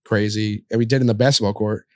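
A man's voice: lowish voice, steady tone, no room sound, studio quality. A young man on a podcast, telling rambling stories full of fillers and swearing. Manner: rapid storytelling with lots of fillers and swearing. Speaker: podcast guest. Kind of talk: casual chat.

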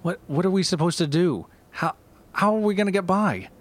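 A man voicing a brash, broke single mother who is blunt and sharp-tongued, in a comedy sketch. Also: high-pitched, lively intonation, fairly quick, pitched above the performer's own voice. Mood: pleading.

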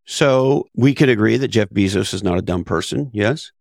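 A man's voice: on the low side, animated, moderate pace, gravelly, a little mellow, dry recording, studio quality. A man talking as a podcast guest, blunt and emphatic, with rhetorical questions and casual swearing. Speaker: podcast guest, author and business advisor. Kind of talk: conversational interview.

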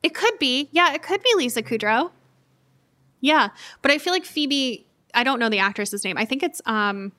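A woman's voice: a little high, normal speed, bright, forceful tone. A woman co-hosting a casual book podcast, thinking aloud with many restarts and fillers. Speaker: podcast co-host.

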